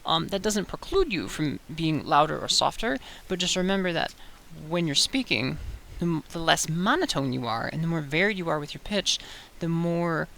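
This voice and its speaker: Gravelly-voiced woman coaching casually. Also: low voice, expressive, normal speed, hardly any pauses, fairly bright tone. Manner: chatty, loose, many fillers and self-corrections. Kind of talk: casual tutorial talk to camera. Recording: faint hiss.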